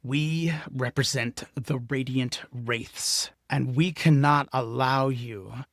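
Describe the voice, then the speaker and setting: A man voicing a stern, shrouded male sect leader who speaks gravely and measuredly. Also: medium pitch, slow pace, no room sound, studio quality.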